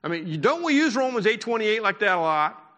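A man preaching a sermon from a church pulpit, talking to his congregation in a loose, conversational way with the odd laugh. His voice is fairly high and bright, with a pressing edge. The sound carries a long, reverberant hall tail. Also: sing-song, fast. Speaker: pastor.

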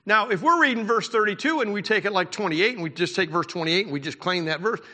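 Male pastor, conversational sermon, bright forceful tone, higher-pitched, church hall reverb. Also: expressive, fast talker. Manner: conversational preaching with asides and laughter.

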